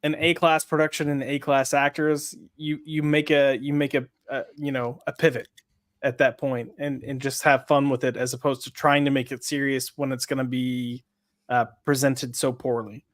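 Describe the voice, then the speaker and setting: A man's voice: mid-range voice, little pitch movement, normal speed. A man co-hosting a casual panel podcast, hesitant and stammering on his first words. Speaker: podcast co-host.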